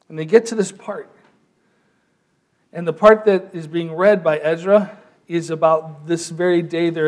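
A man preaching a sermon as pastor, telling the story with lively, animated delivery and acting out voices. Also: fairly high pitch.

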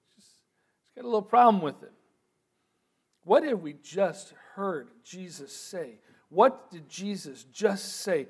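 A man preaching a sermon, moving from quiet, thoughtful asides to loud, emphatic proclamation. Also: sits high, expressive, a little slow, gravelly.

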